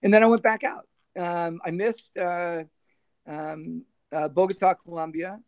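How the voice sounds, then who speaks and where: A former band manager with a high voice tells wild stories as an interview guest, speaking unhurriedly with a clean tone. He's an animated storyteller, laughing often and acting out dialogue in a casual interview.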